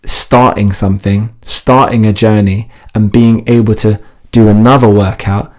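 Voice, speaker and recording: A man who hosts a fitness TV show, chatting as a podcast guest and telling lively stories with frequent laughs. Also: fairly low pitch, unhurried. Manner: animated storytelling, laughs often, restarts sentences. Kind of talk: casual interview chat.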